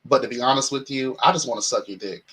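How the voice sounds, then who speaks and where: A young man hosting a casual chat show, telling a story in a flamboyant, sassy, animated way and speaking straight to his listeners. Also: medium pitch, quick pace, breathy edge, low-quality recording. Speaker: podcast host.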